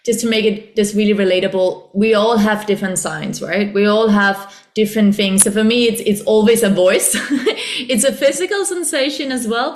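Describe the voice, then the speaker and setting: A woman hosting a podcast interview in a casual, animated way, laughing often and acting out her inner voices. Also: medium pitch. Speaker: podcast host.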